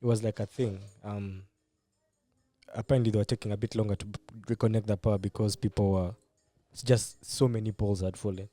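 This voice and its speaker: A man co-hosting a casual podcast. His speech comes very fast in a deep, very dark voice. He keeps cutting in with quick jokes. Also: fairly even intonation, dry recording. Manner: quick interjections, joking. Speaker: podcast co-host. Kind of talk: casual chat.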